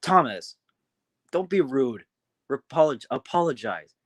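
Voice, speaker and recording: A man voicing a calm, wise old engine. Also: fairly low pitch, moderate pace, no room sound, clean studio sound. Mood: gentle. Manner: calm, reassuring. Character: oldest, wise, calm male steam engine.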